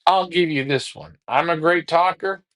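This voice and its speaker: A man's voice: fairly high pitch, moderate pace, fairly bright tone. A man hosting a pigeon racing show in casual talk, taunting a rival with repetitive trash talk.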